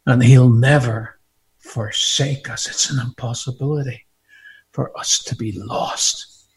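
A man preaching a sermon, animated and often laughing, building to fervent repetition. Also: mid-range voice, slow, husky.

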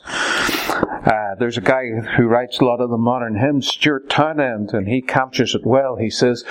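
A man preaching a sermon, swinging from loud cries to hushed whispers. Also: mid-range voice, animated, unhurried.

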